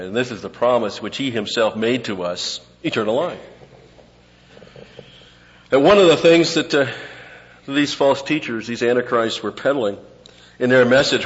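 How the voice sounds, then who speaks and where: A man preaching an expository sermon, teaching conversationally and dropping to quiet asides between points. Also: on the low side. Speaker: pastor. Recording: lo-fi with long hall reverb.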